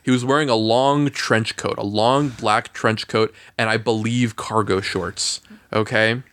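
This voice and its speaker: A man in casual chat on a podcast, telling an animated story and laughing often. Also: lowish voice, measured pace, no echo.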